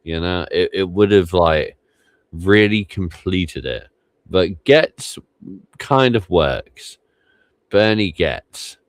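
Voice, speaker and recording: A man's voice: low voice, lively intonation, slow, dry recording. A man hosting a livestream podcast, rambling and swearing casually as he gives context to old clips. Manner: rambling, swears often, trails off. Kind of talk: casual commentary over archive clips.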